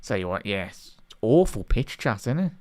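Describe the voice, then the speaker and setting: A man giving live fan commentary during a football watch-along, talking to his chat and swinging from low muttering to outraged shouts at the referee. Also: very animated, moderate pace.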